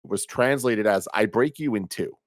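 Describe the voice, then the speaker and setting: A man's voice: lowish voice, normal speed, no room sound, studio quality. A man hosting a podcast who reads an ad and eagerly breaks in to share movie trivia. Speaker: podcast host. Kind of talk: ad read and trivia chat.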